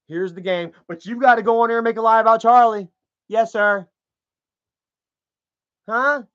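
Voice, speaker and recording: A man's voice: very high voice, steady tone, moderate pace, fairly bright tone. A man giving profane, heated commentary to his viewers, ranting as he browses online pages. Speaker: commentary vlogger. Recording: dull lo-fi sound.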